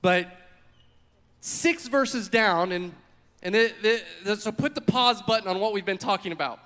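A man preaching a sermon, telling the story with animated, acted-out quotes. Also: sits high, unhurried, in a large hall. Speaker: pastor.

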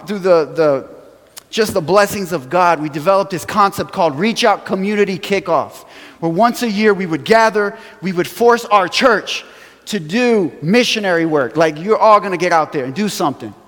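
A man preaching a sermon, telling stories with animated acted-out quotes and chuckles, from a church sanctuary. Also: high-pitched, normal speed. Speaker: pastor. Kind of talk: sermon storytelling. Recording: long hall reverb.

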